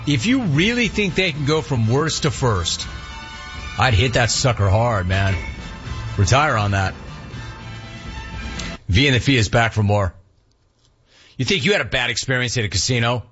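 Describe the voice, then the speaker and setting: A man's voice: medium pitch, moderate pace, pauses often, lo-fi sound, soft background music. A man hosting a sports radio show, telling a casual story and acting out the voices in it. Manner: animated storyteller, acts out voices in anecdotes.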